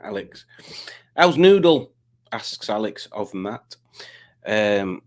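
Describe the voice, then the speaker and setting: A man's voice: mid-range voice, a bit bright. A man hosting a live quiz stream, rambling casually and reading out viewer comments. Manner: rambling, reads out chat comments.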